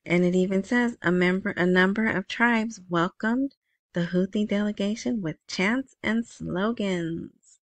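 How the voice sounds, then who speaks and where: A woman's voice: lowish voice, dry recording. A woman hosting a currency news show, reading headlines aloud and adding chatty asides. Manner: chatty, reads headlines then comments with asides. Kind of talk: casual commentary reading news articles.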